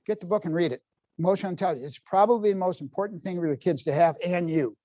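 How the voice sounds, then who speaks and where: A man in his seventies runs a parenting workshop in a library meeting room. His voice sits a little high and sounds dry and close. He talks in a lively, folksy way and keeps asking the audience questions. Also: very fast, no room sound. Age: 70s. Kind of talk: live workshop talk to parents.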